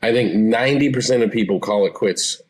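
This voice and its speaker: Calm assured man in his forties. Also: fairly low pitch, brisk. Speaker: therapist guest. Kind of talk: interview answers.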